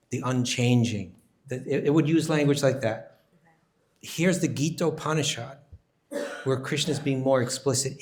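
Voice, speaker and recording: A man teaching a scripture class, answering questions in an animated, emphatic way and often repeating words as he thinks. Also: medium pitch, normal speed, long pauses.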